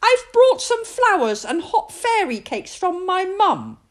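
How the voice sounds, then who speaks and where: A woman voicing a polite, curious little girl in a storybook read-aloud, in a high child's voice. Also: sing-song, takes it slowly, full character voice. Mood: eager.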